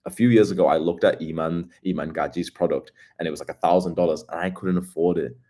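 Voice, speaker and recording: A young man hosting a live stream, talking in a blunt, profane, rapid casual rant. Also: deep voice, fairly even intonation, mellow. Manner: blunt and profane, with fast asides. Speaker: livestream host.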